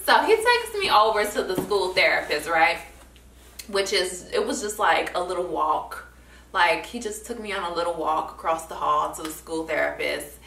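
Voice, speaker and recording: A woman's voice: lowish voice, moderate pace, gravelly, slight background noise. A young woman vlogger telling a story in a casual chat, acting out the people she quotes. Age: young adult. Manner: animated, acts out quoted people in different voices. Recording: echoey room, voice from a distance.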